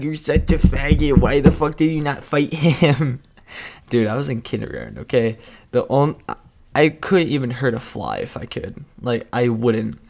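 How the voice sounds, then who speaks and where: A man's voice: medium pitch, gravelly, a little mellow. A young man vlogging a casual storytime, rambling and cutting himself off, laughing often.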